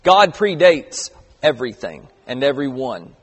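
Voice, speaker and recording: A man's voice: medium pitch, big pitch swings, measured pace, a bit bright, husky, big-room sound. A middle-aged man preaching a sermon as pastor, conversational with emphatic stresses, reading scripture aloud.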